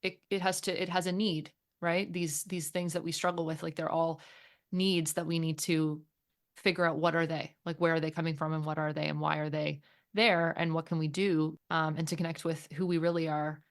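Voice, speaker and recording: A woman's voice: low voice, level tone, normal speed. A woman co-hosting a casual parenting chat, earnest and reflective, thinking aloud as she talks. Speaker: podcast co-host and teen therapist.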